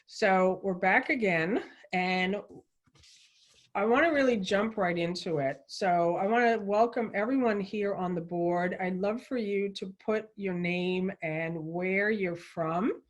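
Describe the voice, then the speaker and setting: A woman's voice: lowish voice, measured pace. A woman hosting a weekly livestream show, chatty and enthusiastic as she tells a story and welcomes viewers. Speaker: show host.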